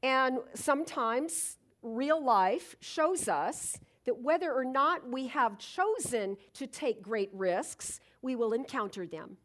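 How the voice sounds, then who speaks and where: A woman's voice: high-pitched, slow pace, few pauses. A woman giving a reflective spiritual talk, telling everyday stories and acting out moments as she goes. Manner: animated storytelling, acts out moments. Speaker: spiritual speaker.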